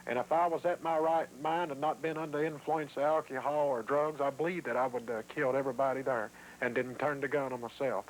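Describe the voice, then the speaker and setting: A man's voice: mid-range voice, fairly even intonation, brisk, hardly any pauses, noisy background. A man telling his story in a documentary interview, acting out what others said. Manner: vivid retelling, acting out quoted voices.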